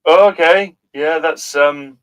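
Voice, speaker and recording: A man's voice: fairly high pitch, slow, a bit bright, clear, resonant tone. A man co-hosting a comedy show, bantering casually with hesitant ums. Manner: hesitant, full of ums, laughs easily.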